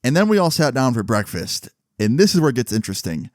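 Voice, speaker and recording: A man telling a story in a casual storytime vlog, animated and full of swearing and fillers. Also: mid-range voice, fast talker, no echo, clean studio sound.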